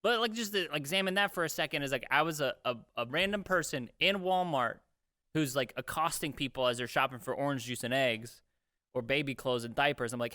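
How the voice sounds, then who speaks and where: A young man and podcast co-host telling a story in casual chat, animated and swearing freely as he acts out what others said. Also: medium pitch, a little fast, no echo, clean studio sound.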